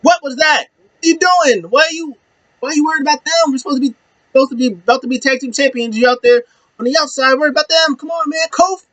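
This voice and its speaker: A man putting on the voice of an angry, frustrated male wrestler who scolds his partner in high-pitched, pleading complaints. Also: fast, fairly bright tone, dry recording, poor audio.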